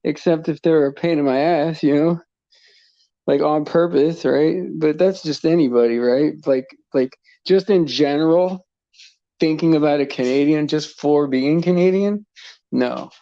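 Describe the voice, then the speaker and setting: A man's voice: a little high, a little slow, dark tone, no room sound. A man from the United States rambling in casual livestream chat, full of fillers and restarts and chuckling often. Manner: chuckles often while talking. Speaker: livestream host. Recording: dull lo-fi sound.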